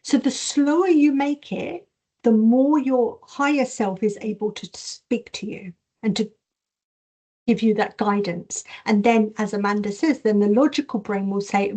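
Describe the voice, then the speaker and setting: A woman leads an online masterclass in a fairly high voice. She talks in an animated way, reads chat questions aloud and acts out her inner voices as she teaches. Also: normal speed. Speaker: intuition and Reiki teacher.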